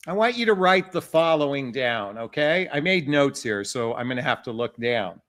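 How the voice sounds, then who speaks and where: A man's voice: high-pitched, bright, forceful tone. A middle-aged man giving dating advice straight to camera, impassioned and emphatic, often calling his viewers "folks". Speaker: dating coach. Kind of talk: direct-to-camera advice talk.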